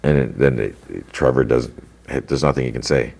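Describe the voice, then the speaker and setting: A man with an extremely deep, low voice talks through his recap in a loose, rambling way. He leans on fillers and "like" as he goes, in the easy tone of a podcast host. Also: unhurried, gravelly, a little mellow. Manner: rambling, filler-heavy, lots of "like". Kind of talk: casual recap chat.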